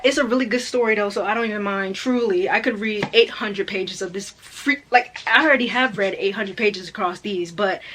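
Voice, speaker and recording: A young woman vlogging about books in a casual, gushing, excitable way full of slang. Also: medium pitch, a little fast, hardly any pauses, a little hiss or hum. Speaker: book vlogger. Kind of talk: casual chat to camera.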